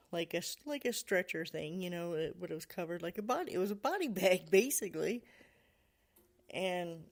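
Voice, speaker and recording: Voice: mid-range voice, vocal fry, darkish tone. A podcast host casually retelling a story, full of "you know" and "like," laughing now and then.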